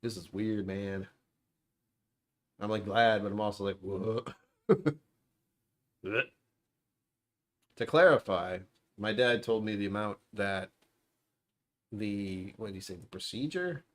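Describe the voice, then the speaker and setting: A man's voice: lowish voice, takes it slowly, long pauses, a bit bright. A man hosting a casual livestream from home, rambling and sarcastic with self-deprecating asides. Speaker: livestream host. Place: at home, dishwasher running nearby.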